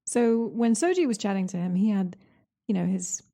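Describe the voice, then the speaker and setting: A woman co-hosting a podcast, cutting in with quick questions about a TV episode. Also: medium pitch, lively intonation, creaky, dark tone. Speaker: podcast co-host. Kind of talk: casual chat.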